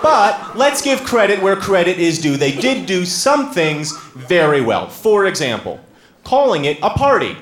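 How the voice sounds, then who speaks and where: Lively stand-up comedian in a roomy club. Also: male voice, high-pitched, measured pace, crowd noise. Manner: conversational, with sudden loud sung and shouted bits. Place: live comedy stage before an audience. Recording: roomy hall with audible ambience.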